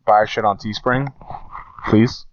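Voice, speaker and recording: A man's voice: fairly low pitch, fairly even intonation, a little slow, highs cut off. A man co-hosting a casual podcast, swearing freely and acting out the quotes in his stories. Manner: profane, storytelling, acts out quotes. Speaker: podcast co-host.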